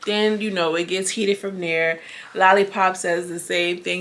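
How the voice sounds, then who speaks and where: A woman casually recapping a reality show episode, animated and full of slang. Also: lowish voice, slow pace. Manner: animated, slangy, acts out cast quotes.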